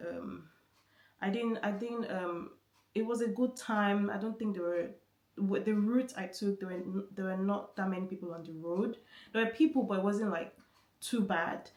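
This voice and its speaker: A woman's voice: medium pitch, darkish tone. Chatty woman vlogger, echoey room. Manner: chatty, many restarts and repeated words. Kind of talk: casual story-time chat. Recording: roomy echo.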